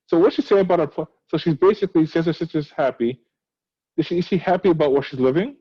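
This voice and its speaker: Male teacher, recorded lesson, rhetorical questions, slightly high voice, muffled lo-fi audio. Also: fast, breathy edge. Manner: explains with many rhetorical questions. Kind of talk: recorded class lesson on a play.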